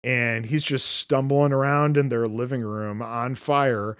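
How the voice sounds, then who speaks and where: A man's voice: mid-range voice, steady tone, measured pace, clean tone. A man hosting a podcast, recapping a film in casual chat, rambling with many filler words and free swearing. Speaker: podcast host.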